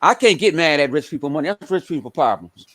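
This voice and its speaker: Picture a male co-host on a casual podcast who calmly talks his partner down. He stammers a little as he cuts in, and his fairly high voice is quick and animated. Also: over a noisy crowd. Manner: calm, reassuring, stammers to cut in. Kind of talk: casual chat.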